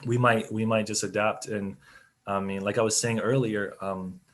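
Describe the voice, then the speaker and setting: A man with a fairly low voice talks casually over a video call during a business webinar. He rambles a bit, with frequent ums and self-corrections. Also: fairly even intonation, normal speed. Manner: chatty, loose, many fillers and restarts. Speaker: company CEO on a webinar panel.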